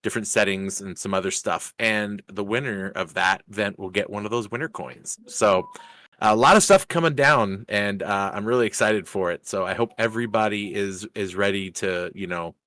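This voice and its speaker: A man's voice: on the low side, normal speed, sharp tone, dry recording. A man hosting a racing league live stream in casual chat, rambling with lots of fillers and restarts in an upbeat way.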